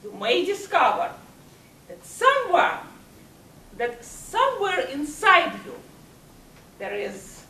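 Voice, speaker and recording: Slow, emphatic woman with a high, lively voice. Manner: slow, emphatic delivery with swooping pitch. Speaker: speaker at a public speaking club. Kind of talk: leading speaking exercises. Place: meeting hall. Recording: echoey hall from far off, faint hiss.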